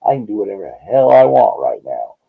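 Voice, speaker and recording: A man's voice: on the low side, big pitch swings, brisk, creaky, slightly rough, narrow, tinny audio. A man hosting a casual movie watch-along chat, talking in a wry, joking way. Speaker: show host.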